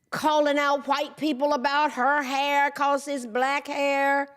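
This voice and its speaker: High-voiced, unhurried woman podcast host. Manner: emphatic, repeats points, addresses listeners as "guys". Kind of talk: opinion commentary monologue.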